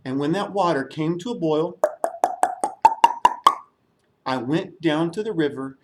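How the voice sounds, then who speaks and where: A man leading a children's story time in church, an animated storyteller who gets the kids to repeat lines with him and acts out echoes by repeating words more and more softly. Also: fairly high pitch, a little slow, very noisy. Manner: animated storyteller, leads children in call-and-response; mimics a fading echo by repeating words softer. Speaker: children's minister.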